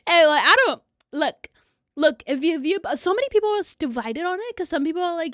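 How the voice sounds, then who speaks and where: A young woman talks to her livestream chat in a high voice. She is blunt and profane and laughs often. The sound is dry and close to the mic. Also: very animated, moderate pace, fairly bright tone, no room sound. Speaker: streamer.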